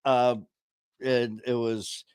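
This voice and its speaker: A man's voice: mid-range voice, little pitch movement, extremely slow, darkish tone, clear, resonant tone, no echo. A man from Detroit hosts a casual podcast chat, telling self-mocking stories and laughing at his own jokes. His voice sits in a middle register and sounds dry and close, with little room behind it. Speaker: podcast host.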